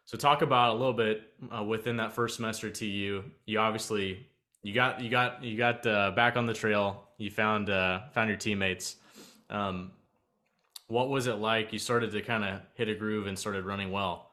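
A man hosts an interview and asks his questions casually, with fillers along the way. His voice sits low, but its tone comes across bright and forceful. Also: steady tone, moderate pace. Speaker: interview host.

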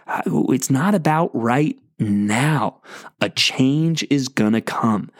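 A man delivers a sermon in an earnest, exhorting manner, often restarting his sentences as he pushes his point. His voice sits at an ordinary middle pitch. The sound is dry and close, with no room echo. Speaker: pastor.

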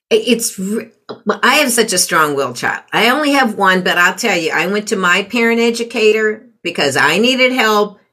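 A woman's voice: mid-range voice, fairly bright tone. A middle-aged woman advising on parenting in a conversational interview, reflective and acting out quoted remarks in changed voices. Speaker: parenting guest.

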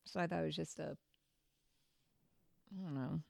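A woman co-hosting a podcast, chatting playfully and reading song lyrics aloud slowly and deliberately. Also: low-pitched, vocal fry, darkish tone, dry recording. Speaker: podcast co-host.

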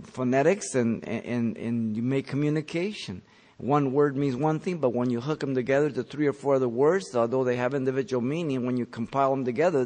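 A man preaching a verse-by-verse sermon, explaining the text in an emphatic teaching manner, with his pitch lifting sharply on key words and then falling. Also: darkish tone. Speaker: pastor. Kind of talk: expository sermon.

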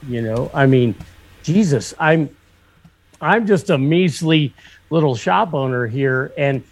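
A fairly high-voiced man from Pennsylvania spins a long, rambling story in casual conversation. He swears freely and tumbles through fillers and restarts as he goes. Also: animated, takes it slowly. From northwestern Pennsylvania. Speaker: motorcycle shop owner. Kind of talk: casual storytelling in a podcast chat.

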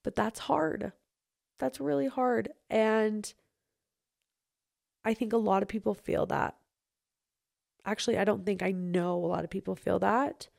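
A young woman hosting a solo podcast, chatting casually with many likes and ums, softening into a gentle, consoling tone when things turn serious. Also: mid-range voice, a little slow, vocal fry, long pauses, dry recording, studio quality. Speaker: podcast host. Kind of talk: solo podcast chat answering listener messages.

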